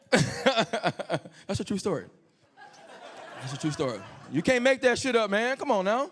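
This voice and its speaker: A male stand-up comedian telling crude stories with animated delivery on a comedy club stage, into a handheld mic. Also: high voice, measured pace, some chatter behind, slight background noise.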